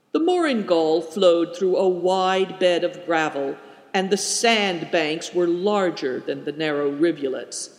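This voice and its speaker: A man narrating a storybook in a measured way. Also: on the high side. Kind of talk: audiobook narration. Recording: roomy with a long reverb.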